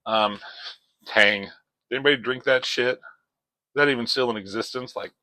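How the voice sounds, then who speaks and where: A man's voice: mid-range voice, moderate pace, pushed and bright, no echo, low-quality recording. A man giving a casual comic book review, rambling and swearing as he retells the story. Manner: profane, rambling, retells scenes in voices.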